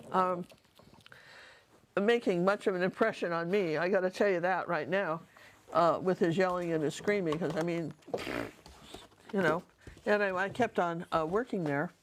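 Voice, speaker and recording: Chatty low-voiced woman telling stories. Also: moderate pace, long pauses, slight background noise. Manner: chatty, digressive, talks straight to the viewer. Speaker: painter and storyteller. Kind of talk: casual storytelling while painting.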